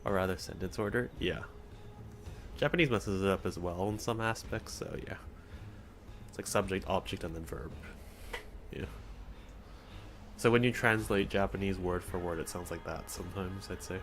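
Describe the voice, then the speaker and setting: A young man casually commenting on his game stream, chatty and rambling, with quick asides. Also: low-pitched, faint music behind.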